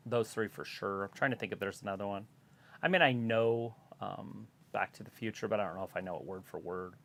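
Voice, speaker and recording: A man's voice: on the low side, fairly quick, creaky. A man co-hosting a wrestling watch-along, giving laid-back, dry, wisecracking commentary. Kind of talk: casual wrestling commentary and chat.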